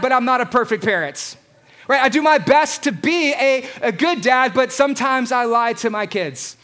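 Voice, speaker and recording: A man preaching a lively sermon into a handheld microphone in church, joking with the congregation. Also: extremely high pitch. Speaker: pastor. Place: church hall.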